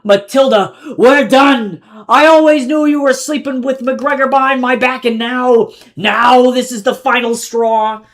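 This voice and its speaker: Loud unhinged robot dude, way higher than his normal voice, melodramatic, cussing. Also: big pitch swings, moderate pace. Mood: furious, melodramatic. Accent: put-on Terran accent. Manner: yelling, melodramatic, profane. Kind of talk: live reading of his own novel.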